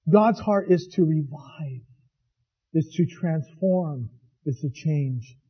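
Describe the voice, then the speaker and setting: A man preaching a sermon as pastor, swinging from hushed to loud. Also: a little high, slow pace, husky, highs cut off.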